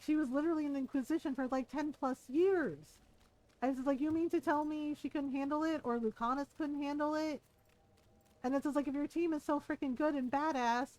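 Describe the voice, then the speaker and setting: Chatty high-voiced woman streamer. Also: rough recording. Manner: animated, chatty, swears freely, acts out quoted friends. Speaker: game streamer. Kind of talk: casual chat while streaming a game.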